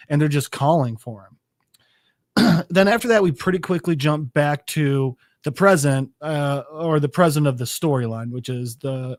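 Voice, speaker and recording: A podcast co-host recaps a show in a casual, rambling way, loose with fillers and swearing. His voice is fairly high-pitched, and the studio-quality recording has no echo.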